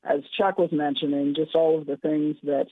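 Hoarse woman on a tinny phone line. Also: deep voice, steady tone, normal speed, no room sound. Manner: rambling, clears throat often. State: hoarse, losing voice. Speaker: radio guest, gala chair. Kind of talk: radio phone-in interview.

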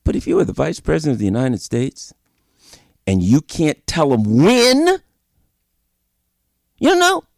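Hosting a political commentary show, a man delivers an animated opinion monologue full of repeated points and rhetorical questions. His voice is medium-pitched with vocal fry at a normal speed, recorded in studio quality with no echo.

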